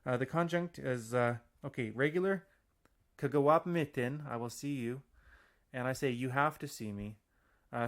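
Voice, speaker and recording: A man teaching an audio language lesson in a loose, chatty way, with many fillers and restarts, slowing down to spell out example phrases. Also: medium pitch, a bit bright.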